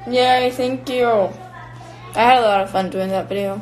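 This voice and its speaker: A woman's voice: fairly high pitch, fairly even intonation, moderate pace, slight background noise, rough recording. A young woman from Finland, casually chatting with fans on a live stream and answering their comments while she eats. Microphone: phone or built-in mic.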